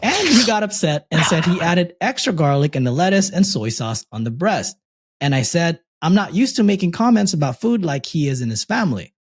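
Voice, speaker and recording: A man co-hosting a casual podcast, reading a post aloud in a steady, measured way and chatting between reads. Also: fairly high pitch, husky. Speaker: podcast co-host reading a story.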